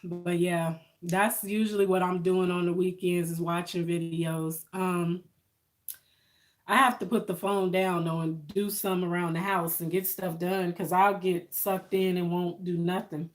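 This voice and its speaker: A woman's voice: on the low side, little pitch movement, unhurried. A woman, chatting on a live stream, emotional and thankful, laughing often. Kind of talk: casual live-stream chat with viewers.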